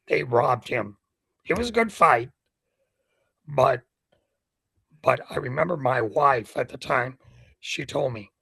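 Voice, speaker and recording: Older man from Cuba, raspy, gravelly, dry close sound, lively storyteller. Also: medium pitch, dry recording. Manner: animated anecdotes with acted quotes. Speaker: guest, ring announcer. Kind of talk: storytelling in an interview.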